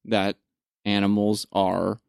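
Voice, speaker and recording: A man in casual conversation about a film, retelling scenes with animated energy and some swearing. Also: fairly low pitch, takes it slowly, gravelly, clear, resonant tone, no room sound, clean studio sound. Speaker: podcast co-host.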